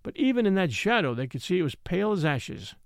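A man narrating a classic mystery audiobook in a measured, expressive storytelling manner. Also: high-pitched, creaky, no echo, clean studio sound.

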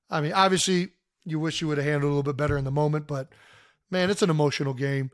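A man from Ohio co-hosting a podcast, telling stories in an animated, joking way. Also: on the high side, rapid-fire, no echo, studio quality. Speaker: podcast co-host. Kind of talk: casual chat.

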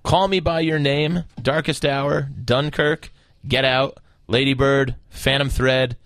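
A man's voice: medium pitch, steady tone, slow pace, a bit bright, no echo, studio quality. A man casually going through lists of movies on a podcast, laid-back and offhand. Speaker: podcast co-host.

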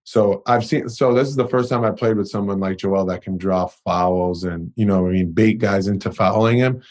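A man's voice: fairly low pitch, normal speed, a little mellow. A young man guesting on a podcast, chatting loosely and profanely, with plenty of "you know" and "like". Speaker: guest, pro basketball player. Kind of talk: casual interview chat.

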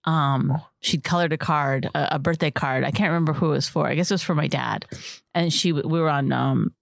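A woman's voice: low-pitched, brisk, creaky, no echo. A woman co-hosting a podcast, teasing her husband in casual banter and often mimicking voices. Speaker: podcast co-host.

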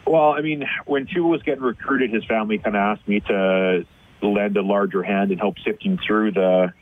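A low-voiced man with a husky, breathy tone talks through a tinny phone line. He speaks as a football coach in an easygoing radio interview, filling his sentences with "um" and "you know.". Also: fairly even intonation, moderate pace. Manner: conversational, many fillers and restarts. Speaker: high school football coach, guest.

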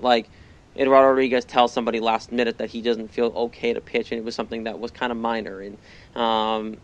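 A man's voice: mid-range voice, a bit bright. Man chatting casually about sports. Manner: casual, lots of 'um' and 'like'. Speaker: podcast co-host.

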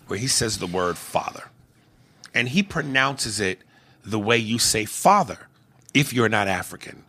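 A gravelly-voiced man co-hosting a casual movie podcast, his pitch swooping all over as he rants. He talks with profanity and breaks into mocking impressions, with a bright, sharp edge to the voice. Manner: animated, profane, does mocking impressions, shouts when riled. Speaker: podcast co-host.

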